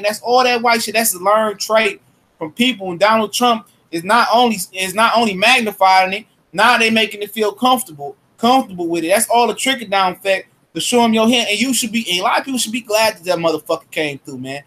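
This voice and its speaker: High bright-voiced dude, blunt casual talk, says man a lot. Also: fast talker. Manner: blunt, emphatic, tacks "man" onto lines. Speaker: former fire marshal. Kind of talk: casual profane chat.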